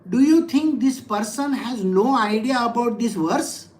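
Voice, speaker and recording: A woman, a spiritual teacher, giving a scripture discourse. She speaks directly, often asks the audience questions, and reads the verse slowly and with emphasis. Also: on the high side, lively intonation, a little mellow, poor audio.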